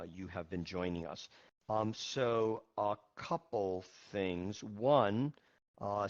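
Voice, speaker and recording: A man teaching an English class online, speaking in a patient, measured way with frequent fillers. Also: lowish voice, highs cut off.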